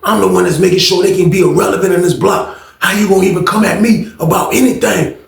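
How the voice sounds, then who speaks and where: A man voicing a brash young hustler who talks loud and boastful and repeats his lines, in an echoey room. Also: high voice, fairly even intonation, quick pace, gravelly, voice pushed up. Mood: defiant.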